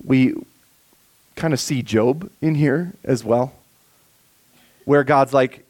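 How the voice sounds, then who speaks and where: A man preaching a sermon, reading scripture slowly and softly, then rising for emphasis. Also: medium pitch. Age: adult with children. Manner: expressive preaching, slows and softens for scripture, rises for emphasis. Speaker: pastor.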